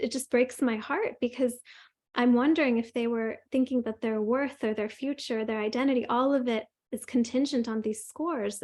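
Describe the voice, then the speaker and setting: A woman's voice: on the high side, darkish tone. A woman host and coach speaking earnestly and encouragingly in a flowing interview style. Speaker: host, somatic experiencing coach. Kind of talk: warm interview talk.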